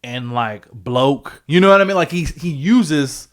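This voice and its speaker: Slightly high-pitched and a little slow, this man co-hosts a podcast, chatting casually. Animated, he thinks aloud and drops occasional swear words.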